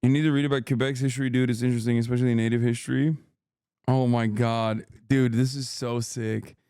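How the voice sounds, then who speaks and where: A man's voice: medium pitch, level tone, brisk, dark tone, smooth, no room sound, studio quality. A man in his thirties streaming casual reaction commentary, blunt and profane, mocking and reading chat messages aloud.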